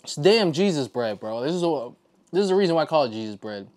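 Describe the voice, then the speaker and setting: A man vlogging casually as he eats a meal, excited and often talking with his mouth full. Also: a little high, fast. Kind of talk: casual eating vlog.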